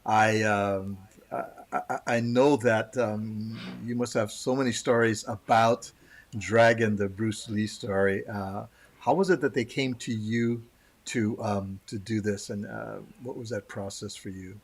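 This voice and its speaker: A man in the host's chair puts his questions to a guest in a lowish voice. He halts and restarts, filling the gaps with "um" as he works his way to the question. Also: steady tone, breathy edge. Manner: hesitant, halting questions with many "um"s. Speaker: interview host. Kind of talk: interview questions.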